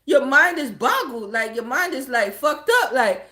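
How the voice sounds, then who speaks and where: A high-pitched woman spins a story for her live chat, her voice leaping up and down. She swears freely and keeps dissolving into laughter as she talks. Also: a little slow, roomy sound. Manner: profane and animated, often breaking into laughter. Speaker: livestreamer telling a story.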